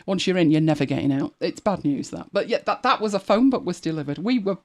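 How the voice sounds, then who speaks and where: Animated and a little fast, her lowish, darkish voice carries the casual chat of a live podcast she hosts. The woman, from Manchester with an English accent, shares wry everyday stories in a chatty, laughing style.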